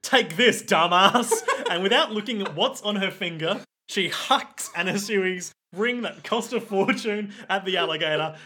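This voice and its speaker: Bright-voiced Australian man, wry podcast recap. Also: high voice, expressive, moderate pace, few pauses, a little hiss or hum. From Western Australia. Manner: dry, wry commentary with laughs. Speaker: podcast co-host. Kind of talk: casual chat recapping an anime.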